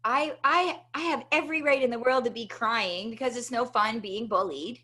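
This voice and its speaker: A woman with a fairly high voice tells a story from her past as an interview guest. She is animated and chatty, and often tags her sentences with a quick "right?" to keep the listener with her. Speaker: interview guest, motivational speaker. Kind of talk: personal storytelling in conversation.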